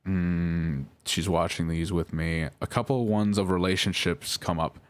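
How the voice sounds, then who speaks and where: A young man telling his side of a story in a halting, emotional monologue, swearing and correcting himself as he goes. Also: deep voice, steady tone. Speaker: vlogger responding to accusations.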